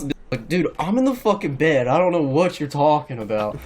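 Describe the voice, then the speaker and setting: A man's voice: medium pitch, fairly quick. A young man telling a rambling, profane story in a casual chat with friends. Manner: rambling, profane, animated anecdote. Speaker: podcast regular.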